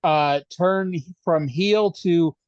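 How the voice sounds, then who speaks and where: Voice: medium pitch, extremely slow, darkish tone, smooth, no room sound, highs cut off. A podcast co-host in casual chat, speaking dryly and hesitantly with many fillers. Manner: dry, hesitant, lots of fillers.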